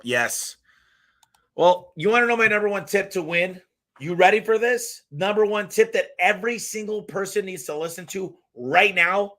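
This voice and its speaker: A man hosting a live question-and-answer stream, giving blunt, emphatic business advice and acting out little customer stories. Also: high voice. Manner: energetic, emphatic, blunt, with acted-out customer quotes; talks fast by his own account.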